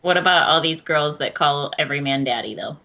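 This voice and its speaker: A woman's voice: low voice, brisk, sharp tone, lo-fi sound. A woman co-hosting a podcast in casual chat, giggly, swearing freely and acting out quotes. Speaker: podcast co-host.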